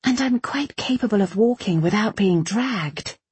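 A woman voicing a weary, wary young woman librarian-spy who speaks in hushed, anxious tones. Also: medium pitch, expressive, unhurried, husky, no room sound, pitched above the performer's own voice.

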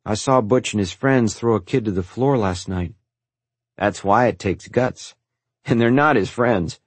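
A wary, streetwise orphan boy who talks with the quiet certainty of a kid who has learned the rules the hard way, as a man with a husky voice raises his pitch to play him. The sound is dry and close. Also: measured pace, dry recording. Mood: knowing. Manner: earnest, explaining hard truths. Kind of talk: audiobook character voice.

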